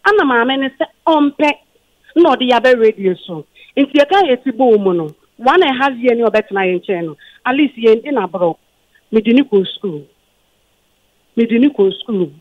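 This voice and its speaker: A Ghanaian woman speaks on a radio call-in show, defensive and explaining at length. Her voice is lively and a little high. It comes through a dull, dry phone line. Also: moderate pace, dry recording. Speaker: caller, former guardian.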